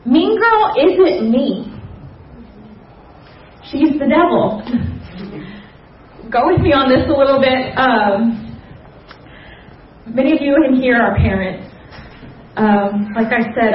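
A young woman giving an earnest personal testimony at a church gathering, with soft fillers and a confiding manner. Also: fairly high pitch, takes it slowly, long pauses, distant mic, a little hiss or hum. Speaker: church speaker sharing testimony. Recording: roomy hall, slightly dull sound.

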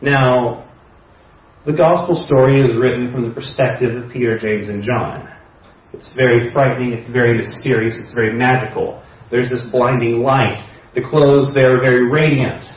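A man's voice: mid-range voice, fairly even intonation, normal speed. Man preaching in an echoey hall. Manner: storytelling with imagined dialogue, conversational. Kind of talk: sermon. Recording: echoey hall, distant mic, dull sound.

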